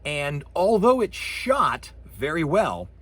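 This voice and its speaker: A middle-aged man with a fairly high, breathy voice teaches a recorded college lecture on sound at a slow pace. As a communications professor, he's animated and likes to joke, acting out sounds and voices.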